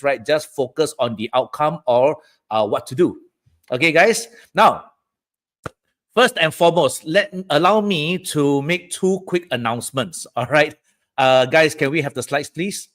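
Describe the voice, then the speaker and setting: A man from Southeast Asia hosting a live-streamed feng shui talk, chatty and often checking in with "all right" and "okay, guys". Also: a little high.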